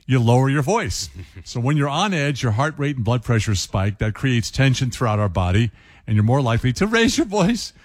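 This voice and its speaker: A man's voice: mid-range voice, very animated, normal speed, dry recording, studio quality. A man hosting a radio tip segment, chatty and laughing as he talks. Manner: chatty, laughs while talking. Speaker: radio show host.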